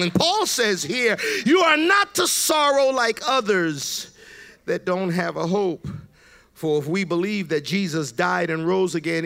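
A man preaching a sermon, building from quiet explanation to shouted emphasis with call-and-response. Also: high voice, vocal fry.

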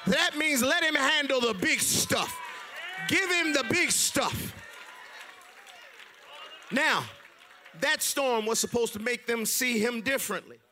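A male preacher delivering a rousing call-and-response sermon, swinging from quiet to shouting. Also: extremely high pitch, slow pace, pauses often, some chatter behind, slight background noise.

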